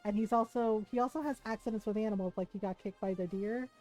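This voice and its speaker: A woman's voice: medium pitch, fast talker, faint music behind, rough recording. A woman streamer chatting casually, telling a story with frequent laughs and quoted voices. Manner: animated, laughing often, quoting others.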